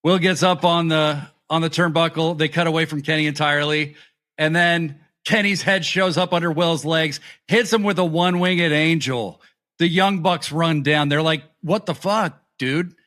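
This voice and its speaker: A man co-hosting a wrestling review podcast, talking excitedly and swearing freely as he recaps matches and acts out the wrestlers' lines. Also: fairly high pitch, moderate pace. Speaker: podcast co-host. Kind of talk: casual wrestling review chat.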